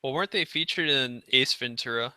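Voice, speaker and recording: An easygoing man chats on a video call with a bright, crisp tone. The sound is dry and close, and he keeps agreeing with short murmurs. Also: medium pitch, brisk, no room sound. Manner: easygoing, agreeable, lots of "mm-hmm". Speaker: guest in an online hangout. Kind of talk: casual chat.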